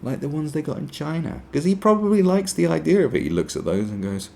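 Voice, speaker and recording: A man's voice: fairly high pitch, very animated, quick pace, gravelly, a little mellow. A man from Britain hosting a podcast, ranting sarcastically, swearing and mimicking people in mocking voices. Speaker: podcast host. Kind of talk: opinionated podcast monologue.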